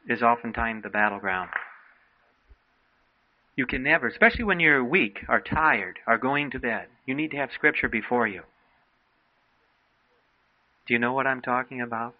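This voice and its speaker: A man's voice: medium pitch, dull audio. A man preaching a sermon to young people, earnestly exhorting and quoting old-fashioned scripture. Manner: earnest exhorting, quotes King James scripture.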